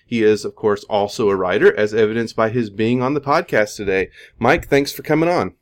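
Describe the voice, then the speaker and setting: A man's voice: fairly low pitch, brisk. A man hosting a podcast, reading formal guest introductions and then asking loose, searching questions. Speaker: podcast host.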